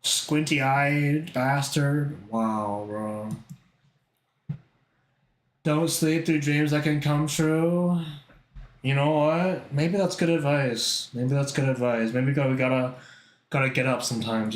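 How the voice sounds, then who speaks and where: A man's voice: mid-range voice, unhurried, roomy sound. Rambling, cursing man on an art stream. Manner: rambling and profane, laughs often. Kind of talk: casual chat while drawing on stream.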